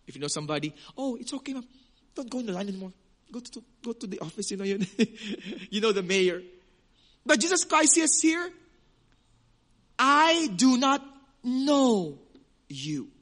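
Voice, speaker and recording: A man preaching a sermon in an animated way, acting out small scenes and stretching key words slowly for emphasis. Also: sits high. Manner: animated, acts out little scenes with quoted voices. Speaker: pastor.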